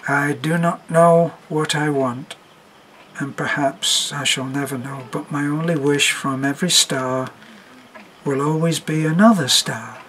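A man voicing a fragile, desperate young woman in a story reading, speaking high and breathless. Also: steady tone, a little slow, fairly bright tone, slight background noise, rough recording. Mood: wistful.

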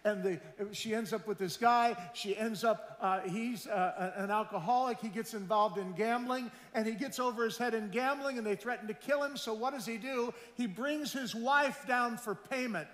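A man gives a conversational sermon, telling stories and putting questions to the congregation. His voice sits high for a man. The sound is roomy, with a long church-hall reverb trailing behind him. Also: moderate pace, hardly any pauses, a bit bright. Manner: conversational preaching, asks the audience questions, quotes people he met. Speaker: missionary speaker. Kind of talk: sermon with storytelling.

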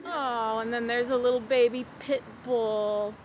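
A woman's voice: a little high, fairly even intonation, measured pace. A woman filmmaker chatting on camera, coaxing dogs in a gushing sing-song and talking about her crowdfunding campaign. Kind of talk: casual on-camera chat.

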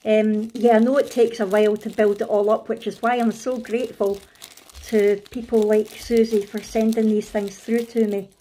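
A Scottish woman in a casual craft unboxing vlog, excitable and gushing, with frequent gasps and delighted exclamations. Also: medium pitch, normal speed. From Scotland. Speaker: craft vlogger.

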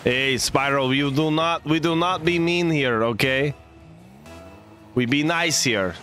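A man's voice: a little high, takes it slowly, sharp tone, faint music behind. A man voicing a cheerful male game commentator with a put-on Russian accent, dropping articles in playful broken English.

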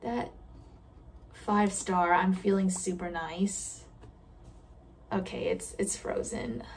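A woman chatting casually while playing a game, self-deprecating and quick to giggle at her own mistakes. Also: medium pitch, fairly even intonation, recorded from a distance, slight background noise. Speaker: gamer reacting to a game. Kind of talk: casual gameplay commentary.

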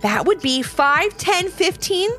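A woman doing a cheerful, confident schoolgirl in a children's audio story, high and bouncy with a very lively pitch. Her lines come eager and proud, with soft music underneath. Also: slow pace, exaggerated voice.

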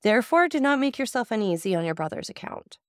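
A composed, mysterious nobleman, read by a woman speaks in a courteous, measured way, with a persuasive calm. The audiobook recording is dry and close, with no room sound. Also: on the high side, clear, resonant tone, no room sound, voice pushed up.

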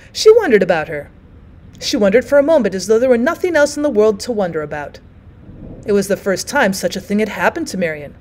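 A woman teacher reading a short story aloud in an expressive audiobook narration. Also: mid-range voice.

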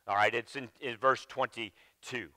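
A male pastor preaching a sermon with emphasis, often dropping to a low, quiet voice and restarting his sentences. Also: steady tone, normal speed, no echo. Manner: repeats phrases and restarts mid-sentence. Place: church sanctuary.

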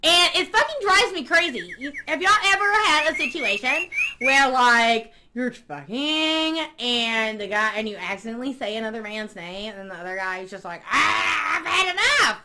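A woman playing a crude, excitable female superfan who swears constantly and talks dramatically. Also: on the high side, moderate pace, few pauses, slight background noise. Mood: ranting. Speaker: fan club member. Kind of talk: comedy sketch acting.

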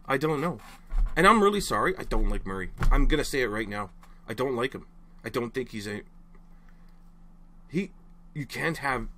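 A man's voice: mid-range voice, pushed and bright, a little hiss or hum. A young man ranting casually to camera as a frustrated hockey fan, rambling and exasperated, apologizing after his outbursts.

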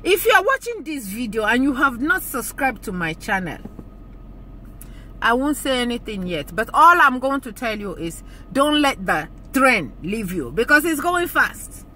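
Slow-spoken woman with a bright voice. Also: on the high side, sing-song, a little hiss or hum. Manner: emotional, earnest, repeats phrases for emphasis. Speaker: YouTube channel host. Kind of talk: heartfelt thank-you talk to viewers.

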